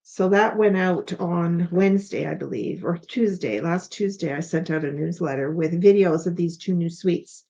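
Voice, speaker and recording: A woman's voice: lowish voice, normal speed, few pauses, mellow. Chatty tired woman showing craft papers. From Canada. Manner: chatty, thinks aloud, unsure asides. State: tired, yawning. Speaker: craft tutorial host. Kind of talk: casual craft demonstration. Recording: slightly dull lo-fi sound.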